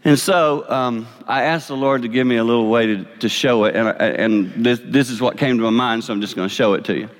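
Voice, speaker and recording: A man in his fifties with a South Carolina accent gives a folksy, animated sermon with an object lesson. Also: medium pitch, brisk, few pauses. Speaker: speaker. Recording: long reverb of a large hall.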